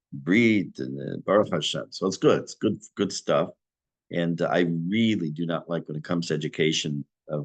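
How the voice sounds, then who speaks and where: A man teaching an online class on prayer, reading Hebrew phrases and explaining them in English with a lively teacher's delivery. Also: low voice. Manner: lively teacher's delivery, rising on key words.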